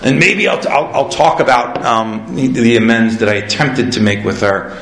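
A man speaking candidly and with self-deprecating humor at a recovery meeting, growing animated when telling stories. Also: medium pitch, moderate pace, creaky. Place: meeting room. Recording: echoey room.

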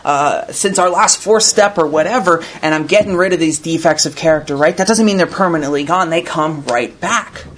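A man's voice: fairly high pitch, moderate pace, few pauses, a bit bright. A man reading aloud and commenting to a recovery group, in an earnest, conversational way, often ending thoughts with "right?". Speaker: recovery meeting speaker.

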